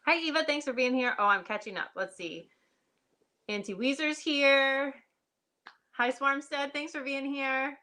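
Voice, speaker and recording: Bright-voiced chatty woman hosting a stream. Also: high voice, unhurried. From United States. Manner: chatty, greets viewers by name, laughs often. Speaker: livestream host. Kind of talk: casual livestream chat.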